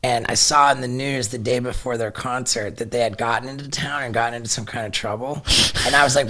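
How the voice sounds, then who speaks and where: A middle-aged man with a bright, forceful voice tells a story in a loose, excitable way. He swears freely and stumbles over repeated words as he rushes ahead, and his pitch sits right in the middle. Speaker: podcast guest. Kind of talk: casual storytelling.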